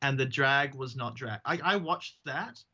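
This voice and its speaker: A man, a drag queen guest chatting casually in an interview, self-mocking and quick to slip into silly voices. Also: medium pitch, lively intonation, sharp tone, highs cut off.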